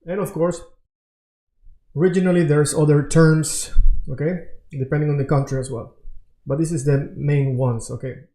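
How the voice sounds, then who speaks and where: A man teaching an online Spanish lesson, who explains slowly and keeps checking in with the viewer. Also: a little high, steady tone, dark tone, roomy sound.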